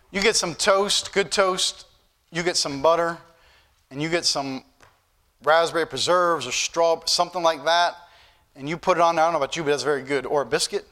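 Bright-voiced folksy preacher. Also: male voice, fairly high pitch. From northern United States. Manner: folksy, joking asides, building to emphatic preaching. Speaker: pastor. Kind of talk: sermon.

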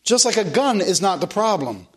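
High-voiced preacher with earnest emphasis. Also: male voice, big pitch swings, moderate pace, husky. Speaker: pastor. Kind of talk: sermon.

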